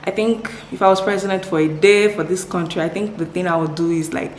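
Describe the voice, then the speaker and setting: A young woman from Nigeria chats to her camera, answering questions in a low, upbeat voice and doubling words for emphasis. The room is echoey, with a faint ambient hum behind her. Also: steady tone, brisk. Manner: upbeat, repeats words for emphasis, laughs often. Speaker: vlogger. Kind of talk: casual Q&A chat to camera.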